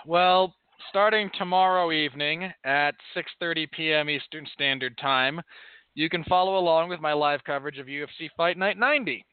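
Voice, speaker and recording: A man's voice: fairly high pitch, moderate pace, clean tone, no echo. A man co-hosting a casual podcast, talking in a dry, precise, pedantic way as he corrects his co-host. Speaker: podcast co-host and MMA commentator. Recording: tinny phone-like sound, dry.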